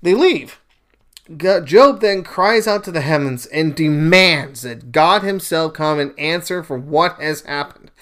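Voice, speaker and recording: Young male podcast host, casual storyteller, slightly high-pitched, animated delivery. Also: a little slow. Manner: animated storyteller, paraphrases scenes in bursts of raised voice. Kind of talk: casual religious commentary monologue.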